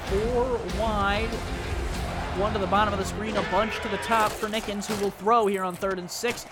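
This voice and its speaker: A man giving play-by-play commentary on a simulated football game, with brisk calls and dry joking asides. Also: high-pitched, steady tone. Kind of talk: live esports football commentary.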